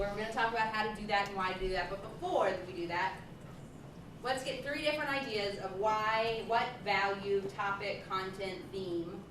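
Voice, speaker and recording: A woman leads a workshop for early childhood teachers, encouraging and lively, with plenty of ums. She sits at a middle pitch. She is picked up from a distance in an echoey, noisy room. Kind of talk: leading a hands-on teacher workshop. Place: large room with a group.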